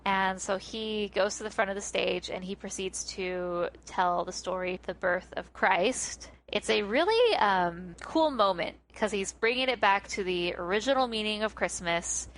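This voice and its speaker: A woman's voice: medium pitch, a little slow, few pauses. Giggly woman retelling a cartoon. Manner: animated, giggly storyteller who acts out scenes. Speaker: podcast co-host. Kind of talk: casual chat recapping a film.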